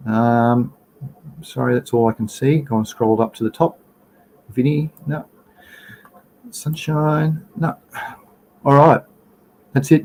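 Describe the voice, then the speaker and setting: A man's voice: medium pitch, a little mellow, poor audio. A man with an Australian accent hosting a casual livestream, talking bluntly and swearing freely as he rants and greets viewers. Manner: blunt, profane, ranting. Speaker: livestream host. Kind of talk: casual live stream chat.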